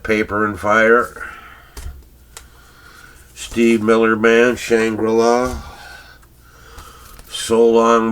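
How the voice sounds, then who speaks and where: A man's voice: fairly low pitch, sharp tone, clear, resonant tone. An older man casually rambling through his record collection, chuckling and searching aloud for names he can't recall.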